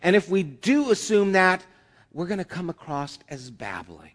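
Preaching a sermon in an echoing church hall with long reverb, a male pastor speaks at a normal speed in a high, somewhat bright voice. He is very animated, chatting through his message and slipping into acted-out quoted asides.

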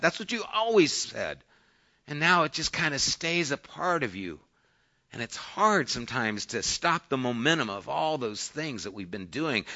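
A man preaching a sermon in a bright, forward voice, moving between quiet asides and emphatic points. He reads scripture aloud and then unpacks it in plain conversational talk. The recording sounds a little dull and lo-fi. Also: mid-range voice. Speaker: pastor.

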